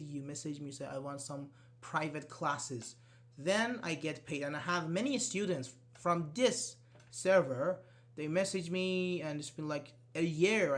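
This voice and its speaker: A man's voice: fairly high pitch, normal speed, fairly bright tone. A man teaching English in a live online class, answering students' questions. He is not a native English speaker, uses loose grammar, and often repeats his words. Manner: casual, talks directly to students.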